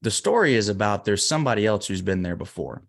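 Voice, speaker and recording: Low-ish voiced guy, earnest, emphatic motivational talk in an interview. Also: animated, quick pace, creaky, a bit bright. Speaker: interview guest. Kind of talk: motivational storytelling.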